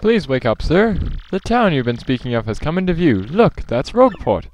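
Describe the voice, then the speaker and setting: A man's voice: on the high side, big pitch swings, normal speed, darkish tone, a little hiss or hum, voice pushed up. A man as a courteous ship crewman. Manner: polite, addresses "sir", hesitant.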